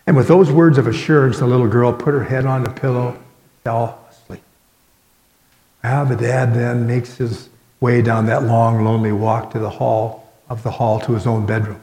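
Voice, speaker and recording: Man preaching in a church, earnest, pausing for effect, big roomy echo trailing off. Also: medium pitch, steady tone, warm tone. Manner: earnest preaching with dramatic pauses. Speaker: pastor. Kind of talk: sermon. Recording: echoey hall with long reverb.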